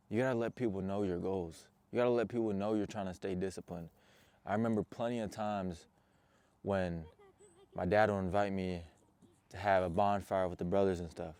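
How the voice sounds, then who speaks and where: Speaking earnestly and intensely to camera, a young motivational coach gives a personal talk to his viewers in a low, darkish voice.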